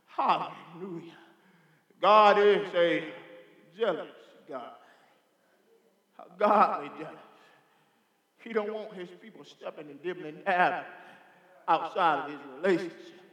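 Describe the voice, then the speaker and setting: In a church sanctuary, a man preaches fervently and emphatically, calling out hallelujah and amen. His high-pitched, fairly bright voice moves a little slowly with long pauses, and the hall is reverberant.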